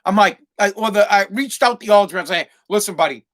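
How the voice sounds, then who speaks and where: Blunt, profane man with a bright voice. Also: high-pitched, fast talker. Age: adult parent. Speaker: podcast host. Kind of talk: casual storytelling monologue.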